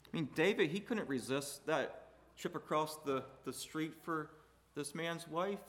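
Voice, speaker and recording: A man preaching a sermon, building to loud emphatic peaks and dropping low and quiet between points. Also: measured pace. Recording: hall reverb.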